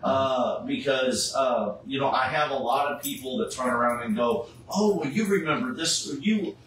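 A middle-aged man tells an animated story in a casual chat and puts on the voices of the people he quotes. He sits well back from the mic in a very echoey room, with a faint hiss of noise behind him. His voice sits at an ordinary pitch for a man. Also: normal speed, distant mic. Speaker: charity Superman cosplayer.

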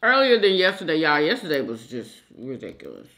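A young adult woman hosts a mukbang, chatting casually with her viewers as she eats and calling them "y'all." Her low voice swings hugely in pitch, sounds a bit bright, and moves a little fast.

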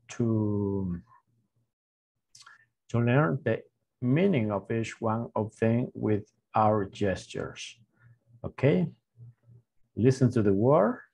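A man with a somewhat low, husky voice teaches a beginners' lesson online. He speaks very slowly, repeating each word several times with small hesitations and fillers. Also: mellow. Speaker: English teacher. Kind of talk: slow online language lesson with gestures.

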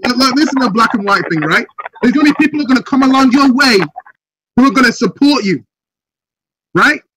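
A man giving a motivational speech on a group video call, firing rhetorical questions and building up to shouts. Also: very high voice, expressive, a little fast, slight background noise, poor audio. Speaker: motivational speaker.

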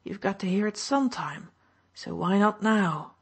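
A woman's voice: mid-range voice, lively intonation, moderate pace, husky. A woman reading an audiobook, voicing a weak, wounded male officer who snarls and taunts with open hostility. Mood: sneering. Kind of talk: audiobook narration.

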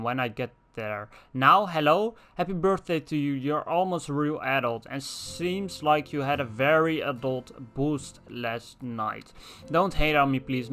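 Pushed and bright, his mid-range voice carries casual gameplay commentary as he reads in-game texts out loud, tossing in crude jokes and side remarks. The young let's player is a native Dutch speaker.

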